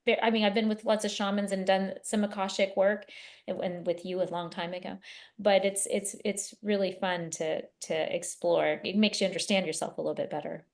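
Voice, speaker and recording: A middle-aged woman, a spiritual coach, chatting casually as a podcast guest and telling animated stories with many restarts. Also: mid-range voice, fairly quick. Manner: animated storyteller, repeats and restarts words. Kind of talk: casual conversation.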